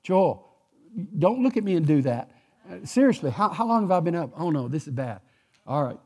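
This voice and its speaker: A man's voice: a little high, big pitch swings, normal speed, dark tone. An older man from Texas with a Texan accent preaching a sermon in a church, folksy and joking, repeating his points for emphasis. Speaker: pastor. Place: church sanctuary.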